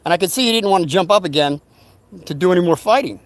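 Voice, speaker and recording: High-voiced older man telling a story. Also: fast talker, no room sound. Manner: rambling, animated retelling with acted-out quotes. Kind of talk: casual storytelling.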